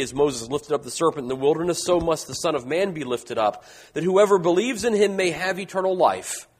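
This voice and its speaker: Man, preacher, bible teaching, emphatic delivery, husky voice. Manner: emphatic, swelling louder on key points then dropping low.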